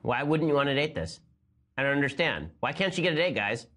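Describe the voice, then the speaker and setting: A man in his thirties hosting a political commentary show, talking fast with sarcasm and disbelief. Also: mid-range voice, animated. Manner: rapid, incredulous, sarcastic. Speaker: host.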